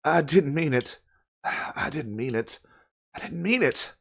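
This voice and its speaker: A woman's voice: low-pitched, animated, normal speed. A woman voicing a shy, nervous teenage girl in a let's play game reading, hesitant and apologetic, stumbling over her words. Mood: distraught. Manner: timid, hesitant, apologetic, repeating herself. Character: shy nervous teen girl club member.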